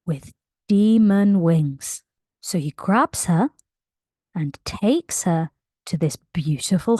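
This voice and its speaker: A woman excitedly recapping a novel in a casual, emotional way, laughing often. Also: mid-range voice, no room sound, clean studio sound. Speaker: book channel host.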